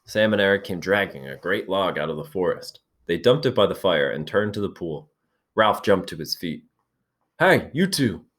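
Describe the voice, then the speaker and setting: A man, a teacher, reading a novel aloud in steady, measured narration. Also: low voice.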